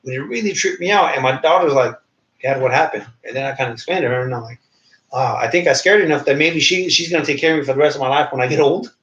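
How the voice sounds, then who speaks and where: A male co-host on a podcast tells a story quickly and with lots of energy, acting out each quoted voice along the way. The sound is roomy, dull, and low in fidelity.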